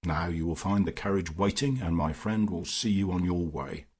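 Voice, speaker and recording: A man reading as a sinister, twitchy older male villain who speaks with quiet menace. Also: sits low, normal speed, slightly rough. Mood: coldly menacing.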